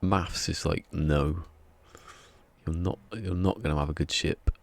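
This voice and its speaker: A man with a very deep, gravelly voice talks through a live game stream. His chat is rambling and wry, and he keeps slipping into mumbled asides to himself, with creak running through the low end. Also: steady tone, measured pace.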